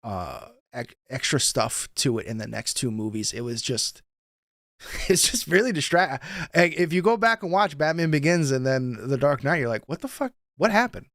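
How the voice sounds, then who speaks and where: A man co-hosting a casual podcast, chatting in an animated way and laughing often. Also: medium pitch, normal speed, dry recording, studio quality. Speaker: podcast co-host. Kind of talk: casual chat.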